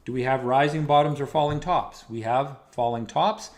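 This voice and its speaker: A man's voice: mid-range voice, normal speed, a little mellow. A man hosting a weekly market analysis, steadily talking through charts with casual asides.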